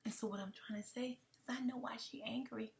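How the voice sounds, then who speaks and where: A woman's voice: on the high side, steady tone, brisk, vocal fry. A woman giving an emotional commentary monologue, often dropping to a whisper and repeating herself. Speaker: commentary vlogger.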